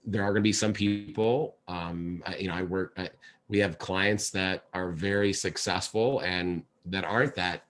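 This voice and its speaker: A man's voice: low voice, steady tone, normal speed, a bit bright. A man hosting a podcast, speaking hesitantly with many fillers. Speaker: podcast host. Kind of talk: casual interview chat.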